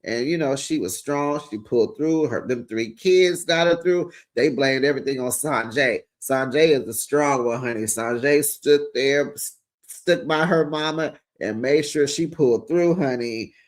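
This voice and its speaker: A man hosting a casual reality TV recap, sassy and animated, talking straight to his viewers. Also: medium pitch, measured pace.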